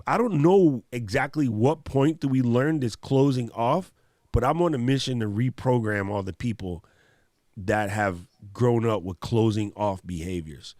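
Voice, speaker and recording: A man's voice: mid-range voice, unhurried, no room sound, studio quality. A man hosting a casual conversation, telling stories in a loose, slangy way. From Hawaii. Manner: animated storytelling, slangy. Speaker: host.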